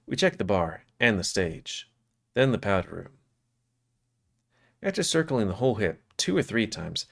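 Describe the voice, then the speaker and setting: A man's voice: fairly low pitch, gravelly. Man reading a visual novel aloud. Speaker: game reader.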